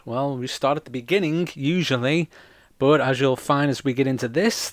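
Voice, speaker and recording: A man's voice: medium pitch, dry recording. A man, a playwright, explaining a theatre style in a casual talk, dropping wry, dry jokes along the way.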